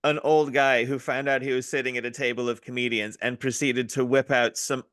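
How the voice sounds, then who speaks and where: A man's voice: medium pitch, level tone, fairly quick, fairly bright tone, dry recording, studio quality. A man, a comedian hosting a podcast, telling crude jokey stories. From New Zealand. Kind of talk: casual chat.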